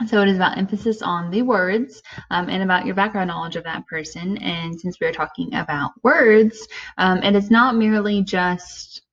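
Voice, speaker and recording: A woman's voice: fairly low pitch, fairly even intonation, normal speed. A woman explaining language terms in a classroom lesson, step by step, with frequent fillers. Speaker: teacher. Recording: dull lo-fi recording.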